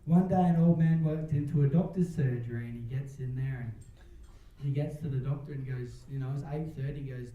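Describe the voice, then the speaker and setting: A man's voice: medium pitch, fairly quick. Man giving a toast in an echoing hall. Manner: joking, chuckling between lines. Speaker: wedding speech giver. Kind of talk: wedding toast. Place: wedding reception hall. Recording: distant, roomy, dull-sounding hall.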